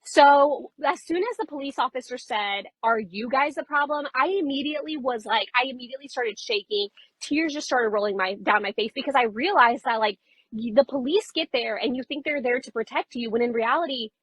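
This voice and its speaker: A woman's voice: high voice, brisk, slightly rough, dry recording, low-quality recording. A young woman animatedly retelling a confrontation in a casual storytime, acting out what each person said. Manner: animated retelling, quoting others, rising when upset.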